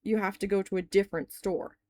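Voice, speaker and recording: A woman's voice: medium pitch, fairly even intonation, fairly quick, darkish tone, dry recording. A woman in her forties, chatty and long-winded, telling a story in a casual crafting vlog and swearing when annoyed. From New Jersey. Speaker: crafting vlogger.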